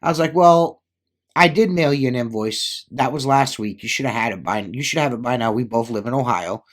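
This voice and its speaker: A middle-aged man, a window cleaner, telling a story in a loose, casual way. He rambles, piles on fillers and slips into the voices of the people he quotes. His voice sits at an ordinary middle pitch. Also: fairly quick. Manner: rambling, filler-heavy, acts out quoted dialogue.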